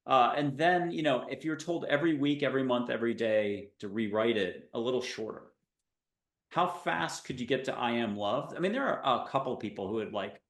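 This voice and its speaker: A man's voice: medium pitch, moderate pace. Enthusiastic male talk show host, roomy sound. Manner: enthusiastic, rambling, playful wordplay. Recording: roomy echo.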